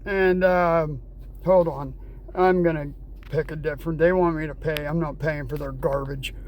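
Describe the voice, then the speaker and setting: A woman's voice: deep voice, steady tone, moderate pace, darkish tone, slight background noise. A woman from the United States ranting in a vlog, exasperated and sarcastic, breaking off to read news headlines aloud. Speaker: vlogger. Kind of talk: angry political rant vlog.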